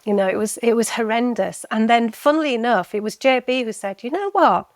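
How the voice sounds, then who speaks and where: A woman's voice: a little high, no echo. A woman guest on a podcast, telling her personal story candidly and earnestly, often stopping and restarting her sentences. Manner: earnest, halting with frequent restarts. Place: podcast recording.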